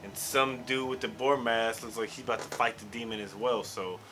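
A man hosting an anime reaction video, talking in an excitable, slangy way and swearing freely. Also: medium pitch, a little fast, noisy background. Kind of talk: casual reaction commentary. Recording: slightly distant mic, faint show audio.

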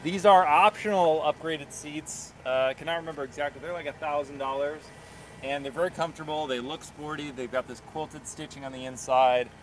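A talkative man with a slightly high voice gives frank opinions on a live stream. He is outdoors beside a car, a little distant from the phone mic, with clear background noise around him. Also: steady tone, a little fast. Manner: opinionated, chatty, with fillers. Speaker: car reviewer hosting a live Q&A. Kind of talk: casual live-stream chat. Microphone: phone camera.

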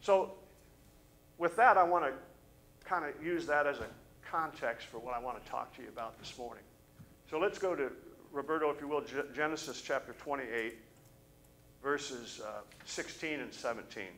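A male pastor preaching a sermon, telling a story in an animated way and briefly acting out the voices of the people in it. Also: mid-range voice, normal speed, a little hiss or hum, low-quality recording. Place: church service.

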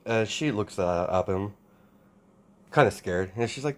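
A man improvising fan-fiction narration in a casual, halting way, with many restarts and fillers. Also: lowish voice, expressive. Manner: hesitant, full of restarts and fillers. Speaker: storyteller.

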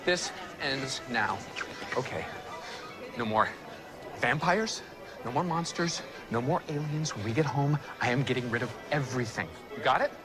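A man's voice: medium pitch, normal speed, close to an everyday voice. An actor playing a flustered father who scolds and apologizes for his son. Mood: stern. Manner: exasperated, apologetic. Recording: film soundtrack with music.

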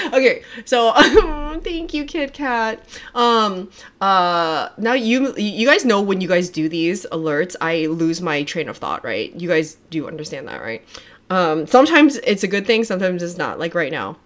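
Gushing, excitable young woman livestreamer. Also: fairly low pitch, unhurried. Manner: gushing, excitable, swears often, trails off and restarts. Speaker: livestreamer reacting to music videos. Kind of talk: casual livestream chat.

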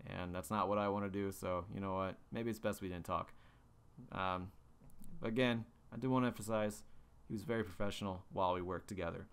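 A man's voice: low-pitched, fairly even intonation, a little fast, clean tone. A young man hosting a podcast, telling stories in a loose, rambling way full of fillers and restarts. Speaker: podcast host. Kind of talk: casual monologue.

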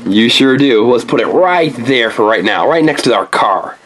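Brief: woman unboxing toys, very deep voice, lively sing-song delivery, playful pirate talk with a kid. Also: moderate pace, background noise. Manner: playful, talks to a child helper, throws in pirate growls. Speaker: toy unboxing host. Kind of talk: playful toy unboxing for kids.

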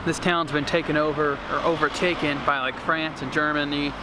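A man's voice: fairly high pitch, flat delivery, normal speed. A young man from Pennsylvania hosting a casual travel vlog, joking and playful with slangy asides, filmed outdoors in an old town on a handheld camera. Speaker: travel vlogger host. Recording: noisy outdoor street sound.

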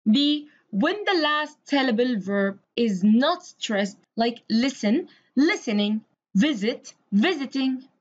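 A woman's voice: fairly high pitch, expressive, slow, lo-fi sound. A woman from Egypt, an English teacher giving a recorded grammar lesson, explaining step by step and spelling words out letter by letter.

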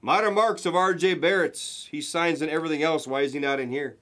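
A man hosting a live card break, calling out pulls to viewers with excited, hyped commentary and the odd swear. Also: fairly high pitch, fast.

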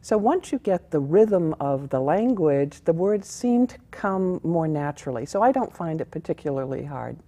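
A woman actor answering interview questions in a friendly, measured way. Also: sits low, big pitch swings, dark tone. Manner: friendly, measured, chuckles at herself. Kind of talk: casual interview.

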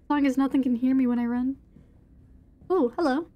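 A woman's voice: sits high, fairly quick, dull audio. A woman streamer chatting playfully with her viewers while playing a horror game. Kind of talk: casual gaming chat.

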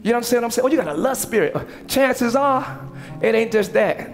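A man preaches to his congregation with a strikingly high voice, swinging between casual slangy asides and shouted, animated passages. Steady music plays underneath him in the church sanctuary. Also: brisk. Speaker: pastor. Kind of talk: sermon.

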